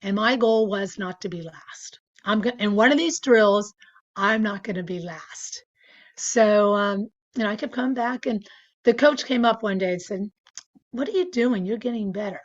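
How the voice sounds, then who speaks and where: Speaking at a moderate pace and a medium pitch, this woman in her sixties chats as an interview guest, spinning casual stories. She fills her speech with fillers and laughs often, all captured on lo-fi audio.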